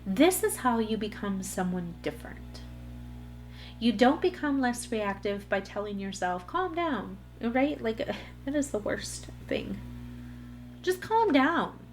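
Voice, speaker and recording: A woman's voice: medium pitch, lively intonation, a little slow, faint music behind. A woman hosting a solo podcast, talking earnestly in a coaching way straight to her listeners. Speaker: podcast host. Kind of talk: solo motivational podcast talk.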